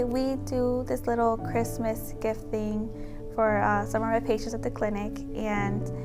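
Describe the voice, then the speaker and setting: A young woman telling her own story as a pregnancy center client, chatty and emotional, full of gratitude. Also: a little high. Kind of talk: testimonial video.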